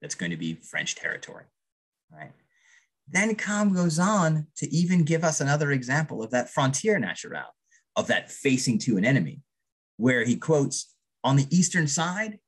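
A man's voice: medium pitch, sing-song, normal speed, slightly rough. A man lecturing on archaeology to a public audience, enthusiastic, often checking in with "right?". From Vermont's Northeast Kingdom. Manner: enthusiastic, frequent tag "right?".

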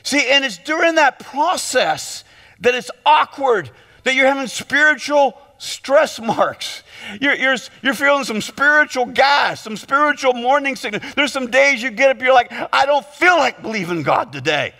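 A man with a very high voice preaches a lively sermon in a church. His bright, forceful tone rings out with long hall reverb. He tells stories and jokes, often repeating his words as he goes. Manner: animated storytelling, quick jokes, repeated words. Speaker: pastor. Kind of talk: humorous sermon. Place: church sanctuary.

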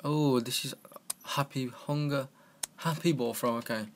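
A man giving casual, excitable let's-play commentary from his computer, talking to the game and yelping at crashes. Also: mid-range voice, a little slow, slight background noise. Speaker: gaming channel host. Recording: home mic with clear keyboard clicking.

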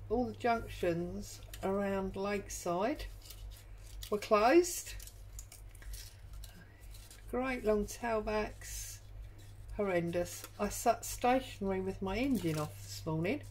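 A woman's voice: medium pitch, darkish tone, a little hiss or hum, poor audio. A woman hosting a crafting tutorial from her home craft room, chatting and thinking aloud as she works. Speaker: junk journal crafter and channel host.

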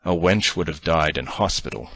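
A man's voice: very deep voice, normal speed, a bit bright, no echo, heavily acted. A man reading a curt, defensive young woman. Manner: short, harsh, abrupt replies.

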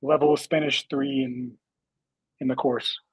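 A man's voice: mid-range voice, little pitch movement, measured pace, slight background noise, rough recording. A man chatting casually on a livestream in a laid-back, joking way, reading out viewer comments.

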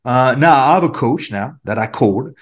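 A man with a French accent, an actor telling lively anecdotes as a guest in a casual interview. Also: medium pitch, moderate pace.

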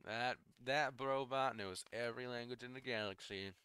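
A man's voice: medium pitch, normal speed, pushed and bright, clear, resonant tone, dry recording. A young man narrating a tabletop game as game master, rambling with lots of fillers.

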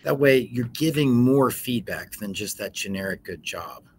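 A man giving a relaxed, informal teaching talk, explaining ideas step by step with frequent ums. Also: mid-range voice, moderate pace, a little hiss or hum. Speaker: educator.

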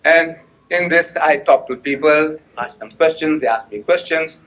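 A man delivers a religious lecture to a mosque audience. His voice sits a little high for a man, and he shifts between storytelling and sharp, mocking bursts of emphasis. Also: normal speed, low-quality recording. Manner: animated storytelling with sharp rising outbursts; acts out dialogue, mocking and emphatic.

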